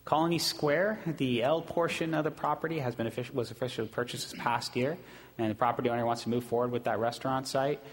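A man on city staff giving a steady, fairly monotone report at a public meeting, with frequent ums. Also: medium pitch, fast talker. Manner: steady, self-described monotone, many ums. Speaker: city staff presenting to council. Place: city council chamber. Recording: long hall reverb in council chamber.

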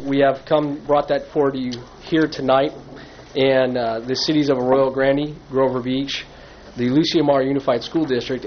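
A hoarse man, a police lieutenant, giving a formal staff report at a city council meeting, pausing often with fillers. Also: mid-range voice, lo-fi sound, a little hiss or hum. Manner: halting, many filler pauses.

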